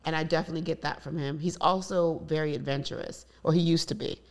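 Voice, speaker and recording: A woman's voice: deep voice, steady tone, quick pace. A woman in candid conversation, telling personal stories openly with many asides. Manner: open, storytelling with many asides. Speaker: guest.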